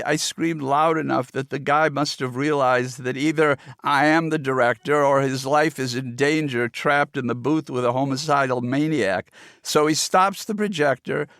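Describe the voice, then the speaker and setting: Brief: man, director type, lively oral-history narrator, bright-ish pitch, close dry recording. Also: unhurried, clean tone, no room sound. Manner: animated, lively storytelling. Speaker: film director and co-writer.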